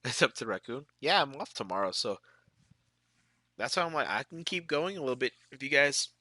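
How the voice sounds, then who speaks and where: A man's voice: medium pitch, animated, fairly quick, sharp tone, no echo, studio quality. A man with a stuffy, sick-sounding nose chatting casually with his viewers while streaming a game, laid-back and laughing often. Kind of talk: casual live-stream chat.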